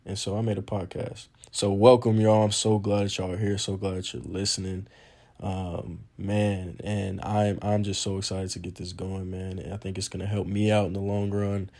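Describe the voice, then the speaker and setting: A young man with a lowish, dark voice opens his solo podcast, speaking casually and earnestly. He admits he's nervous and peppers his talk with plenty of "um" and "man."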